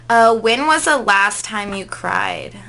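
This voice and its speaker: A woman's voice: a little high, bright, forceful tone. A woman in her twenties, a vlogger, chatting casually through tag questions in a gushing way, full of "like" and "um". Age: 20s.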